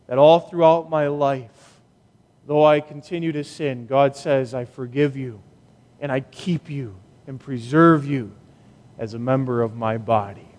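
A male pastor preaching a sermon in a slow, emphatic way with long pauses, in a church sanctuary. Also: a little high, in a large hall.

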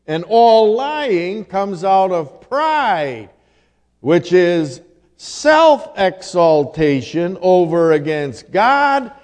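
A male preacher delivering a sermon in a deliberate, emphatic manner and quoting scripture in old-fashioned wording. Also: high voice, darkish tone. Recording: long hall reverb.

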